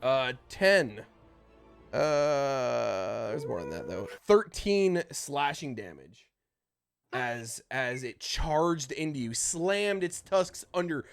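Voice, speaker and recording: A man running a tabletop game as game master, narrating combat and explaining rules in a casual, halting way full of restarts. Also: mid-range voice, animated, gravelly, faint music behind.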